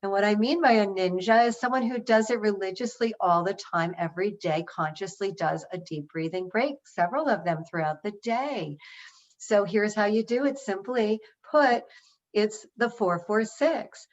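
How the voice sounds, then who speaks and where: A woman giving an energetic webinar talk, guiding listeners through a breathing exercise by counting. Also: mid-range voice, normal speed. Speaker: speaker. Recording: dull lo-fi webinar audio.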